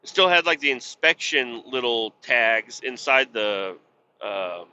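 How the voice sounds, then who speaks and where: A man telling a long, swear-filled story in a casual podcast chat, his voice very bright and sharp. He rambles and gets heated as he acts out arguments. The recording sounds a little dull and lo-fi. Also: mid-range voice, animated, takes it slowly, clear, resonant tone. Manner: profane, rambling, gets worked up reenacting arguments. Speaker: podcast host.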